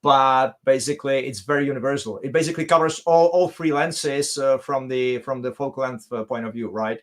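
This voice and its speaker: A man's voice: medium pitch, brisk. Hesitant man with a Czech accent. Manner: rambling, hesitant. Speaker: panelist. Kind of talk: casual panel chat.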